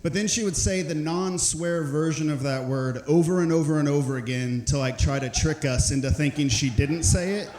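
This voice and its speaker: A man doing a stand-up set in a comedy club, telling a story quickly and with animation. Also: on the high side, darkish tone. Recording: echoey club room, faint crowd murmur.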